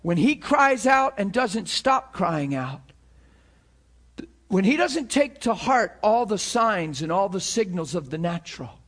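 A male pastor delivers a sermon in a strikingly high voice. He rises to shouted cries, then drops to quiet, intimate passages. He often repeats words and restarts his sentences as he goes. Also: sing-song, measured pace. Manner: preaching with swings from shouts to hushed tones.

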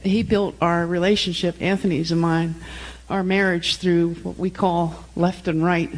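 A woman's voice: fairly low pitch, flat delivery, a little slow, rough recording. A woman, a preacher's wife, giving an earnest, emotional testimony in church.

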